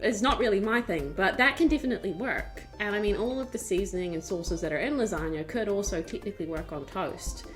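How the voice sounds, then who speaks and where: A woman streamer chatting casually, telling stories in an animated, giggly way with lots of fillers. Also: medium pitch, a little fast, few pauses. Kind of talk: casual chat. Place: home streaming setup. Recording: faint music behind.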